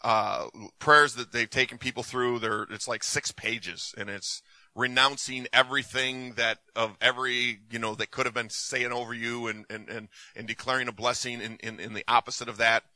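Guy preaching, super bright tone, dry close sound, stumbles and repeats himself a lot. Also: mid-range voice, little pitch movement, normal speed, no room sound, low-quality recording. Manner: conversational, repeats words, acts out dialogue. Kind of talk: sermon with personal storytelling.

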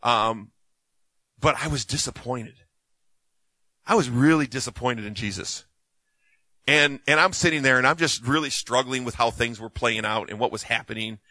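A man's voice: medium pitch, normal speed, pauses often, no room sound, low-quality recording. A man in his fifties preaching, telling personal stories with lots of repetition and restarts before answering questions. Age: 50s. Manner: animated storytelling with many restarts. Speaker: minister. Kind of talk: sermon with Q&A.

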